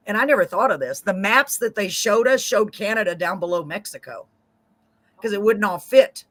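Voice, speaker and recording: A woman's voice: mid-range voice, animated, a little fast, fairly bright tone, no room sound. A middle-aged woman, hosting a casual chat show, talking freely and laughing often. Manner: chatty, laughs often, Southern slang. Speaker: talk show host.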